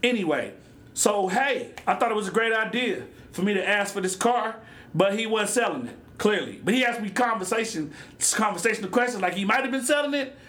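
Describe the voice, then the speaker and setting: A man hosting a solo podcast, joking and hopping between topics and sidebars in a loose, animated way. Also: high-pitched, fairly quick. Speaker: podcast host. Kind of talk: casual solo podcast monologue.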